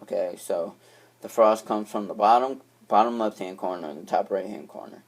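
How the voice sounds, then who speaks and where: A man's voice: lowish voice, moderate pace. A young man telling a long story in a casual, rambling way, restarting phrases and swearing freely. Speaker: vlogger.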